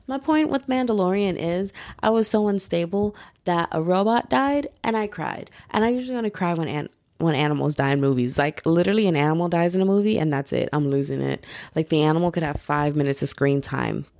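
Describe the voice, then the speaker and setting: Chatty young woman with a gravelly low voice. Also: fairly quick, dry recording. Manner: animated, chatty, rambling with fillers. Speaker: podcast host. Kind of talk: casual solo podcast chat.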